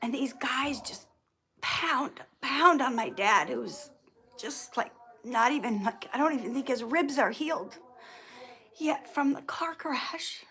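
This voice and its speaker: A woman hosting a casual livestream, clearing her throat often and restarting her sentences as she tells a personal story, sounding teary. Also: sits high, takes it slowly, fairly bright tone. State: teary, emotional. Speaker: YouTube channel host answering viewer questions.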